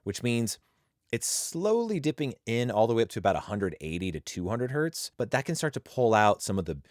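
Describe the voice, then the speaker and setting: A man's voice: mid-range voice, sing-song, fairly quick, no room sound, studio quality. A man and voice actor walking through an audio interface setup in a chatty, playful tutorial style. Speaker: audio gear reviewer and voice actor. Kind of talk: tutorial walkthrough. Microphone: studio microphone.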